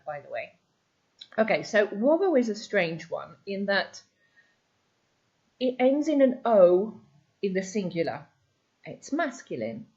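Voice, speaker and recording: Woman language teacher, unhurried, patient explainer, muffled home recording. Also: mid-range voice, a little mellow. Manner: patient, repeats words slowly for stress. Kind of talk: explaining a lesson. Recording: dull lo-fi sound.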